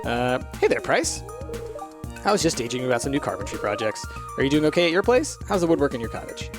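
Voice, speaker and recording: A woman's voice: rumbling low, very animated, quick pace, heavily acted. A man reading out a friendly middle-aged woman carpenter from a video game, in his own plain voice, with faint music behind. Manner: read out plainly in the player's own voice.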